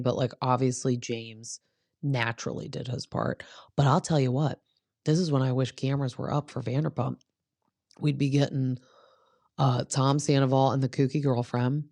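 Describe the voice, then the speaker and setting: A woman's voice: a bass voice, normal speed, a little mellow, no room sound. A woman hosting a podcast in a casual gossip chat, talking in a chatty, sarcastic, rambling way with lots of asides. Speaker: podcast host.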